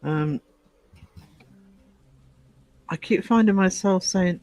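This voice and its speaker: A man's voice: high-pitched, moderate pace, dry recording, poor audio. A man with a northern English accent hosting a livestream, chatting playfully and laughing often. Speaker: livestream host. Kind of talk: casual chat.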